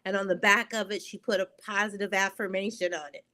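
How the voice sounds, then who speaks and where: Woman, interview guest, earnest, emotional, halting with fillers, mid pitch. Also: steady tone, bright, forceful tone. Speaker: guest, poet and filmmaker. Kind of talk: storytelling interview talk.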